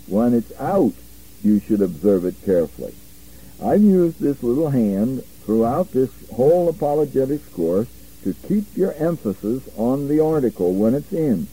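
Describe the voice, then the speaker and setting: A man's voice: mid-range voice, dark tone, breathy edge, rough recording. A man teaching a Bible apologetics course, reading verses in stiff literal wording and then explaining them with emphasis.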